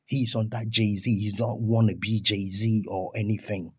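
A man's voice: fairly low pitch, fairly even intonation, a little slow, few pauses, a little mellow, slightly rough, no echo. A young man ranting in a vlog about a music feud, scornful and firing off rhetorical questions and insults. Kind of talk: heated rant vlog.

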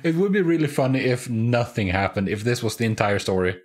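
A man's voice: medium pitch, animated, fairly quick. A man hosting a reaction video, giving casual, amused commentary with chuckling asides.

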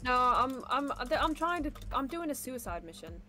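A woman plays a game alongside a friend and trades dry, wisecracking remarks, swearing casually. Her voice sits a touch higher than average. Faint music plays softly behind her. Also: sing-song, normal speed. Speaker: co-player. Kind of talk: casual gaming chat.

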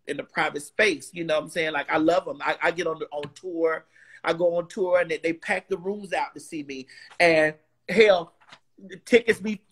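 A woman's voice: on the low side, a bit bright. A woman guest on a talk show, chatting casually and emphatically with slang, repeating words and quoting scripture like a preacher. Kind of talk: casual interview chat.

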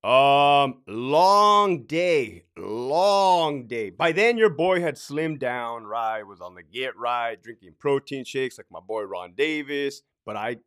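A man in his late thirties speaks casually and profanely, in the loose manner of a storytelling vlog. His pitch swings widely, rising and falling as he talks. He rambles and keeps checking in with a "right?". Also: lively intonation, slow pace, hardly any pauses, a bit bright, clean tone. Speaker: prison sergeant and veteran telling his career story.

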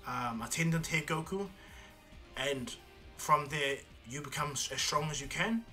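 A man's voice: fairly high pitch, measured pace, sharp tone, soft background music. A man voicing a cocky male god of destruction in a casual fan story retelling, speaking in a laid-back, boastful way. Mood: amused.

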